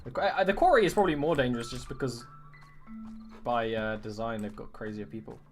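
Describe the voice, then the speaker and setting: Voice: mid-range voice, brisk, faint music behind. A game streamer chatting casually while playing, joking around and trying out silly accents. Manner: chatty, animated, jokes about doing accents. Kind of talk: casual live-stream commentary.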